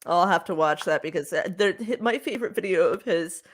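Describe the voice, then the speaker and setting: A woman's voice: lowish voice, a little fast. Giggly chatty woman on a podcast. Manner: chatty, giggly, lots of fillers and repeats. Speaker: podcast co-host. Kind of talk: casual podcast chat.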